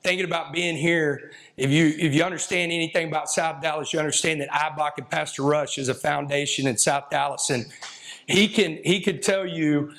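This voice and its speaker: A man's voice: a little high, fairly even intonation, brisk, gravelly, a bit bright. A man, a football coach giving a folksy, emotional, rambling talk to an audience. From Texas. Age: 50s. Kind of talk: speech to an audience.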